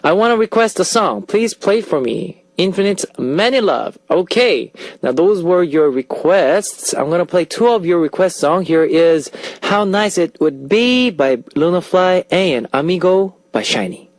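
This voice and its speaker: A man's voice: sits high, animated, unhurried, no echo. A young man from Australia hosting a radio show and reading out listener messages in an upbeat, chatty way, speaking into a studio microphone. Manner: upbeat, chatty, with playful outbursts.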